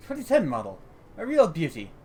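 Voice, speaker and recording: A man doing a gruff old German junk trader. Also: on the high side, wildly swooping pitch, fairly quick, a little mellow, a little hiss or hum, pitched above the performer's own voice. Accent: German, put on. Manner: gruff but well-meaning, drawling.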